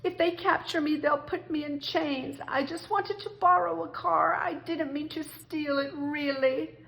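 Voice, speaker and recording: Woman doing a high, pleading storybook toad. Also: unhurried, close to an everyday voice, rough recording. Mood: begging. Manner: pleading, whimpering, high-pitched. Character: desperate, sobbing boastful male toad on the run. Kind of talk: storybook read-aloud.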